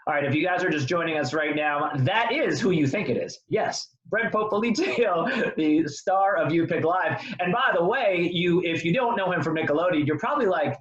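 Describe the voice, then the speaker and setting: A man's voice: fairly high pitch, lively intonation, normal speed, few pauses, fairly bright tone. A middle-aged man hosting a live stream, chatting casually over a video call and addressing viewers directly. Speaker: host, public speaking coach. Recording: roomy, dull lo-fi video call.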